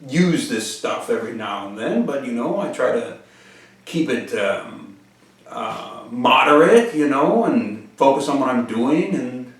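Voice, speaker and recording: A man voicing a jittery adult male meth user who talks in a high, wavering voice and is eager to be believed. The voice is recorded from far off in an echoey room. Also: lively intonation, a little slow, close to an everyday voice. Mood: grateful.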